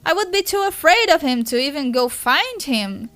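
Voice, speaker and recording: A woman's voice: sits high, big pitch swings, moderate pace, fairly bright tone, faint music behind. Woman doing a sobbing teen sprite girl. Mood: panicked. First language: Brazilian Portuguese. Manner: sobbing boo-hoo cries.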